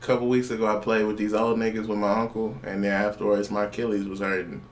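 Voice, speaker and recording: A man co-hosting a casual podcast, quick and blunt, jumping into the talk. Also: on the low side, little pitch movement, a little hiss or hum. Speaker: podcast co-host.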